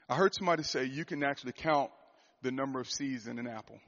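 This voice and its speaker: A man's voice: medium pitch, vocal fry, a bit bright, muffled recording. A middle-aged man preaching a sermon, emotional and laughing often as he tells stories.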